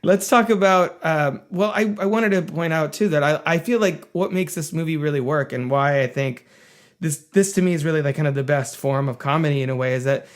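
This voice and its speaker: A man's voice: fairly high pitch, brisk. A man co-hosting a casual film podcast, talking thoughtfully with frequent restarts. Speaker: podcast co-host.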